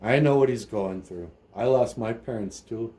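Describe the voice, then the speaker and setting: A man's voice: on the low side, normal speed, mellow, natural voice. A man voicing a rich young hero, earnest and wounded, in a raised, exclaiming voice during comic storytelling.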